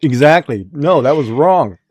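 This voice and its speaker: A man's voice: fairly high pitch, lively intonation, measured pace, a little mellow, no room sound. A man chatting casually and teasingly, coaching his co-host on how to sound stern. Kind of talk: casual chat.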